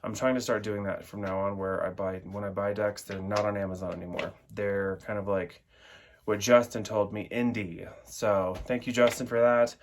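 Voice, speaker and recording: A man's voice: fairly low pitch, little pitch movement, normal speed, a little hiss or hum. A young man casually reviewing a tarot deck, chatty and rambling with lots of filler words. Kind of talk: casual chat.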